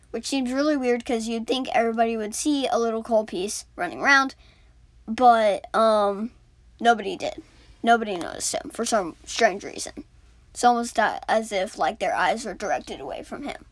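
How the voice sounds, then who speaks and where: A woman's voice: fairly high pitch, no room sound. A woman improvising a story as a storyteller, rambling with many fillers and restarts.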